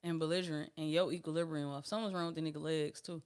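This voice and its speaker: A man's voice: a little high, fairly even intonation, rapid-fire, smooth. A man with a Detroit accent in casual podcast chat, blunt and opinionated. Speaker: podcast co-host.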